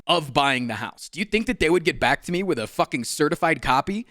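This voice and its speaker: Fired-up male streamer, lively swinging pitch, bright voice, soft music under. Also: brisk. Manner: exasperated, swearing, mocking voices. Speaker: streamer telling a story. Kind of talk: animated storytime rant.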